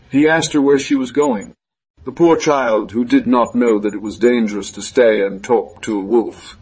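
Man, narrator, fairy tale read-aloud, calm, husky, mid pitch. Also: rough recording.

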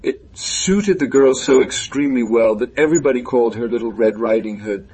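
Guy reading a fairy tale, husky voice, calm and steady. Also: medium pitch, brisk, poor audio. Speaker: narrator. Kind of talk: fairy tale read-aloud.

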